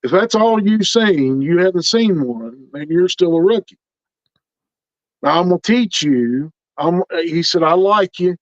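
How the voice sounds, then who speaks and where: A middle-aged man with a high-sitting voice tells stories a little slowly as an interview guest recounting his experiences. He's animated, quoting and acting out the other people in each exchange during this casual storytelling. The lo-fi recording is dry and dull.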